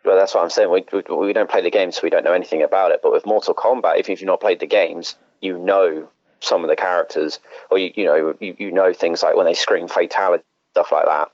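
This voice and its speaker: A man's voice: low voice, steady tone, fairly quick, no room sound, dull audio. A man co-hosting a podcast, chatting casually, exasperated and swearing, laughing often. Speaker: podcast co-host. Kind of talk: casual chat.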